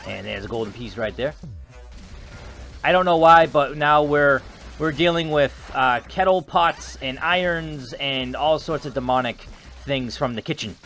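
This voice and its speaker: A man giving rambling, joking gameplay commentary, excitable and chatty. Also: mid-range voice, unhurried, soft background music. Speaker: gaming video host.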